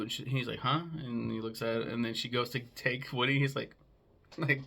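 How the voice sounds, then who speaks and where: A man's voice: medium pitch, fairly even intonation, moderate pace, creaky, bright, forceful tone. A young man giving a casual, rambling film review, with lots of swearing and ums. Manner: rambling and profane, with frequent ums.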